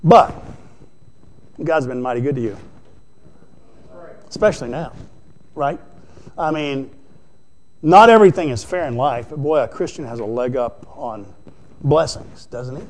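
A man's voice: mid-range voice, expressive, measured pace, pauses often. A male preacher giving a folksy, conversational sermon, full of rhetorical questions and asides to the congregation.

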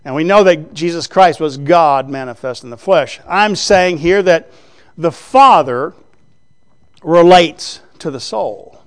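Rhetorical questions help this man check in with his listeners as he preaches a conversational Bible teaching sermon, writing on a board throughout. His voice is on the high side with a clean tone, and he takes it slowly.

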